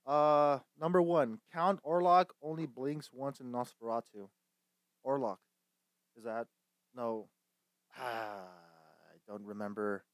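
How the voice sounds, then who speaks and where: A man's voice: medium pitch, steady tone, takes it slowly, long pauses, no room sound, clean studio sound. A young man hosting a casual movie chat, swearing often, rambling, and laughing between lines. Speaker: host.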